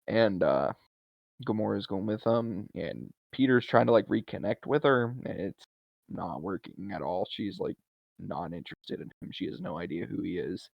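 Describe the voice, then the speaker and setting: A man co-hosting a podcast, casually recapping a movie scene by scene with quick asides. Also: on the low side, vocal fry, dry recording. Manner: animated retelling, laughs often, quick asides. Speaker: podcast co-host. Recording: dry, dull lo-fi sound.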